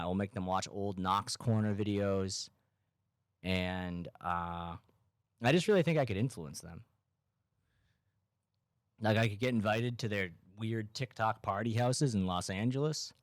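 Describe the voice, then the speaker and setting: A man from Massachusetts hosting a casual comedy podcast, rambling in a deadpan, ironic way with lots of "like". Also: fairly low pitch, no room sound, studio quality. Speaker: podcast host.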